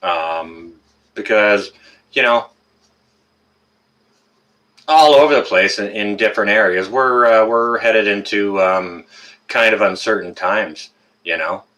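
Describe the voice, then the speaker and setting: A Canadian-accented man chats casually as host of a webcam live stream. He greets his viewers by name one after another. His voice sits low but has a bright, forceful edge. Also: slow, pauses often. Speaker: livestream host.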